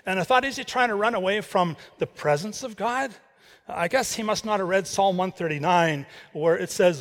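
A man preaching a sermon, reading scripture and wandering into chatty asides with self-corrections. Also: on the high side. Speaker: pastor. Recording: reverberant hall.

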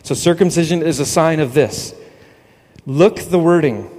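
A man preaching a sermon, animated and quoting scripture with emphasis. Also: on the high side, normal speed, big-room sound. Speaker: pastor.

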